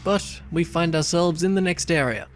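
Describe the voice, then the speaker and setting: A man's voice: on the high side, normal speed, soft background music. A young man casually commenting on a video game as he plays, chatty and rambling, with lots of fillers and asides. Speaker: let's play host.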